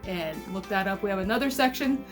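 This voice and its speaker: A woman from Missouri in her thirties talks to her camera at home. She rambles in a chatty, easygoing way and laughs easily, her voice sitting at an ordinary middle pitch. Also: expressive, quick pace, music in the background. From Missouri, US Midwest. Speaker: vlogger and family caregiver. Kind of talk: casual chat to camera. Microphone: camera mic at home.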